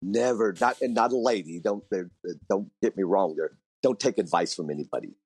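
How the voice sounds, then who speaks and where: A man's voice: fairly low pitch, a little fast, darkish tone, breathy edge, no room sound. A man being interviewed about long-distance motorcycle riding, telling stories animatedly with frequent restarts and repeated words. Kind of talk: casual storytelling interview.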